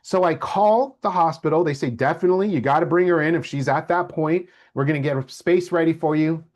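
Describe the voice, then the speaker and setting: A man's voice: on the high side, brisk. A middle-aged man, a lecturer telling a personal story to his class and acting out the voices of the people in it. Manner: animated storyteller, acts out quoted voices.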